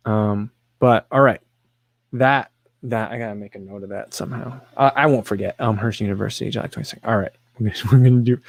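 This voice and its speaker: A man in an ordinary middle pitch, talking casually to his livestream audience. He rambles with restarts and fillers and pokes fun at himself. The sound is dry and close, with no room echo. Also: a little mellow. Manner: rambling, self-deprecating, with frequent restarts and fillers. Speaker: livestream host reading chat questions.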